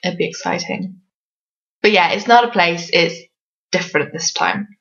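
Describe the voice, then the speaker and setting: A woman's voice: on the low side, moderate pace, fairly bright tone, lo-fi sound. A woman from Wales with a fairly neutral English accent, an author answering reader questions in a casual vlog, hesitant with many ums and light self-mocking laughs.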